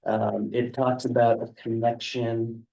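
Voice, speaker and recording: A man's gravelly, dark voice picked up from a distance in a county meeting room. He explains a development proposal in a flat, level tone, hesitating over fillers as he goes. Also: mid-range voice, unhurried, muffled recording. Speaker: county planning staff presenter. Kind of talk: explaining a proposal in a work session.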